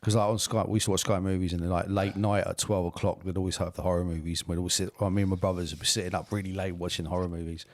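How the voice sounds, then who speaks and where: Sweary, animated man. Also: deep voice, very fast, few pauses, dry recording. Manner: sweary, animated, talks in bursts. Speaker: podcast co-host. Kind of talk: casual chat.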